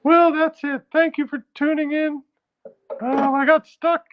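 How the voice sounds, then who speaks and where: A squeaky, thin falsetto voice, as a man puts it on, griping in mock dismay about being stuck talking this way. It sits far above his normal speaking voice, and the lo-fi recording sounds dull. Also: level tone, measured pace, soft background music.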